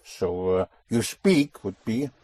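Male language tutor, unhurried and deliberate, repeats sounds, husky tone, dry close sound. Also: fairly low pitch, expressive, dark tone, no room sound. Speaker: language teacher. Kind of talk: spoken language lesson with a student.

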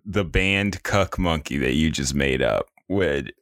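A man's voice: rumbling low, animated, a little slow, fairly bright tone, no room sound. A young adult man co-hosting a podcast, joking dryly and rambling through casual chat. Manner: dry joking, rambling explanations. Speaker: podcast co-host.

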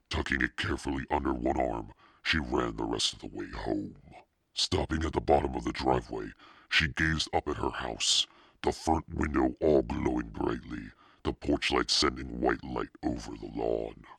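Man, audiobook narration, steady, bright tone, dry close sound. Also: rumbling low, normal speed, gravelly, breathy edge, no room sound. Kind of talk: scripted narration.

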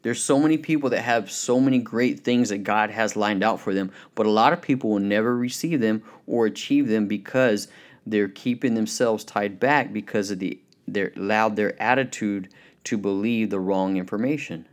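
A man preaching a sermon, telling illustrative stories and slowing down to stress the key points. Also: on the low side. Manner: storytelling, emphatic, slows down on key points.

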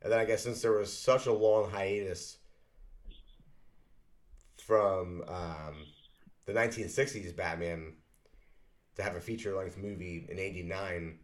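A man's voice: low voice, steady tone, a little slow, long pauses. A man co-hosting a podcast in casual movie chat, rambling and hesitant with many fillers. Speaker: podcast co-host.

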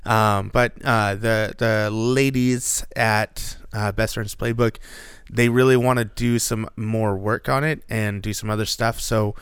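A man's voice: on the low side, steady tone, a little slow, fairly bright tone, smooth, dry recording, clean studio sound. A man co-hosting a podcast in casual chat, rambling and jokey with lots of fillers. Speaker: podcast co-host.

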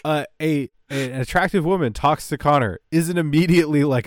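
A man's voice: on the high side, brisk, no echo, studio quality. A man co-hosting a podcast, casually recapping a TV episode and slipping into sarcastic, rambling rants with mock voices. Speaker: podcast co-host.

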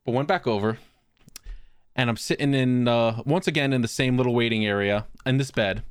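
A man telling a comic story on a podcast, animated and profane, often laughing as he talks. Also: mid-range voice, brisk, clear, resonant tone, no room sound, studio quality. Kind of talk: comedic storytelling chat.

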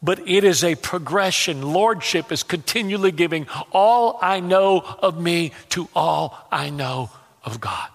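High-voiced animated male pastor preaching. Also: unhurried, vocal fry, long reverb tail. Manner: animated, humorous storytelling with repetitions and stammered restarts. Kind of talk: sermon. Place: church hall.

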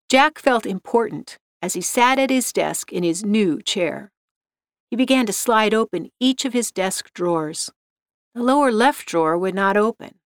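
A woman narrating a story in an even, steady reading manner. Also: medium pitch, moderate pace, no echo, studio quality.

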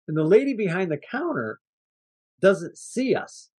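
A man co-hosting a movie podcast, telling stories in a casual, animated way and laughing often. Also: sits high, a little slow, husky. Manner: animated storyteller, laughs often, acts out quotes. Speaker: podcast co-host. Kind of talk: casual chat.

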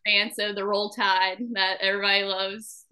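A young Southern-accented woman from Alabama, a hockey wife, chats casually as a podcast guest and laughs often. Her medium-pitched voice stays monotone at a normal speed, bright and forceful in tone, with a little hiss or hum in the background.

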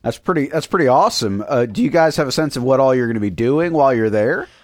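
A man's voice: mid-range voice, animated, fast talker. A man co-hosting a casual comedy podcast, playful and eager, often laughing and egging the others on. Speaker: podcast co-host.

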